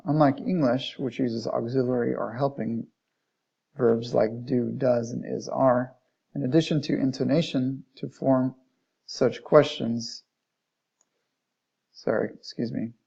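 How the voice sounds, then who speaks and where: A man's voice: medium pitch, fairly even intonation, unhurried, gravelly, pauses often, mellow, slightly rough. A man teaching an Arabic lesson, reading from a textbook, explaining it in plain words and modeling Arabic phrases. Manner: reads passages aloud, then restates them plainly, modeling Arabic phrases. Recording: dull lo-fi recording.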